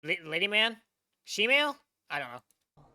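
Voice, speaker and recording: A man's voice: high voice, big pitch swings, moderate pace, pushed and bright, dry recording. A young man hosting a casual reaction stream, rambling with many fillers and laughs into a desk mic. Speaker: VTuber reaction host.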